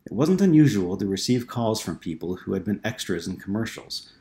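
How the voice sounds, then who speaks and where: Low-voiced man narrating an audiobook. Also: lively intonation, brisk, mellow.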